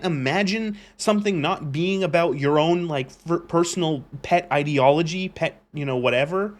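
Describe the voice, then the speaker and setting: A man's voice: fairly high pitch, moderate pace, hardly any pauses. Profane ranting male game streamer. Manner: ranting, profane, rambling with restarts. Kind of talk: casual live gameplay commentary.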